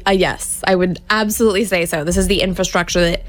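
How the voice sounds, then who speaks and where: A woman speaking as a newspaper columnist guest on a talk radio show, earnest and agreeable with some halting restarts. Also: lowish voice, steady tone.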